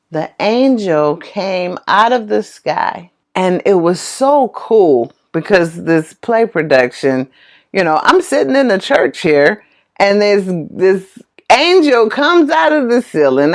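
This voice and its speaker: A middle-aged woman casually retelling a story in an animated way, exclaiming often. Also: mid-range voice. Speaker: vlogger.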